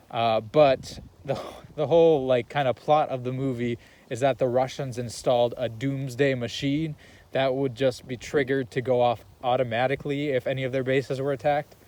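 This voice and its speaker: A man's voice: mid-range voice, fairly even intonation, moderate pace, a little mellow, poor audio. Chatty young man recapping a film. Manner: rambling, laughing movie recap full of fillers. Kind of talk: casual chat.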